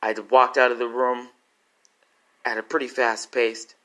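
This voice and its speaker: A man's voice: medium pitch, flat delivery, measured pace, sharp tone. A man performing an emotional spoken-word story, intense and pleading.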